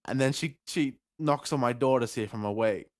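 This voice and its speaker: A man's voice: medium pitch, brisk. A young man co-hosting a podcast, telling a story in casual chat with rambling, swearing and bursts of laughter. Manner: rambling, profane storytelling that grows loud and laughing. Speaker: podcast co-host. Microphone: headset or desk mic at a computer.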